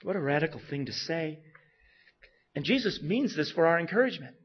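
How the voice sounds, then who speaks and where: Sex: male. Role: pastor. Style: sermon. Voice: fairly high for a man. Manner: animated, swings from loud to hushed. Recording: dull and lo-fi. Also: a little fast, husky.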